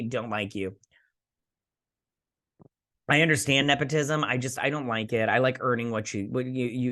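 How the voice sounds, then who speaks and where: A man hosting a casual review, retelling an episode with sarcastic asides and quick put-on voices for the characters. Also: medium pitch, bright, forceful tone. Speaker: host.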